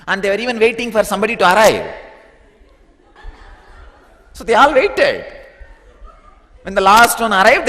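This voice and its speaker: Man, tamil-accented english, spiritual teacher, lively storytelling, higher voice, long hall echo. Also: moderate pace, long pauses. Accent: Tamil-influenced Indian English. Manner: animated, laughing, acts out quoted voices. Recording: reverberant hall.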